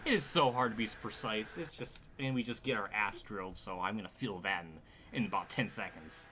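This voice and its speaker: A man's voice: fairly low pitch, brisk, pushed and bright, a little hiss or hum. A male streamer giving live gameplay commentary, frustrated, swearing and sighing often.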